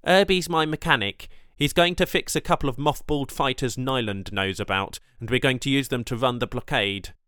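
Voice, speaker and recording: A cocky, wisecracking prisoner who answers with breezy flippancy, as a male narrator does him. The voice is bright and forceful, and it sits above the narrator's own. It is recorded dry and clean. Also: mid-range voice, a little fast, hardly any pauses, clear, resonant tone, no echo, voice pushed up, lightly acted. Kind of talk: audiobook character voice.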